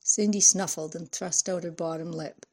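Husky, mellow woman narrator. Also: lowish voice, fairly even intonation, moderate pace. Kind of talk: audiobook narration.

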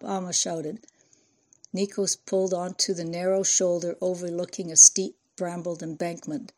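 A woman reading a novel aloud as an audiobook narrator, in a measured storytelling manner. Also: lowish voice, a little mellow. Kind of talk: scripted narration.

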